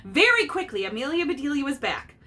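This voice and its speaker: A woman reading a picture book aloud to her child, pausing to explain idioms and acting out the characters. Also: high voice, very animated, sharp tone.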